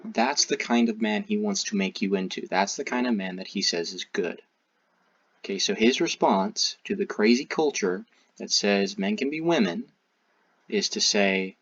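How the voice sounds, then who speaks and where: A man giving critical commentary in a halting, hesitant way, with frequent restarts. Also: lowish voice, a bit bright, breathy edge, no room sound. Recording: dull, muffled recording.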